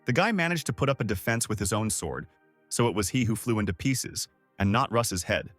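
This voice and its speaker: Lively-pitched male story narrator. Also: a little fast, faint music behind. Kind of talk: scripted story recap narration.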